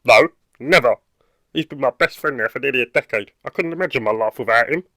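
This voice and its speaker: A man's voice: mid-range voice, fast talker, pushed and bright, no echo. A man doing a blunt British dog owner. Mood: defensive. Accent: British English. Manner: blunt and exasperated. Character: blunt, short-tempered dog-loving man. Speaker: cartoon character. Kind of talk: animated comedy dialogue.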